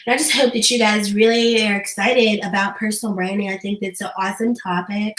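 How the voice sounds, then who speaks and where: A woman putting on a dull, sleepy woman presenter who mumbles in a low, flat monotone. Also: brisk, close to an everyday voice. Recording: echoey room.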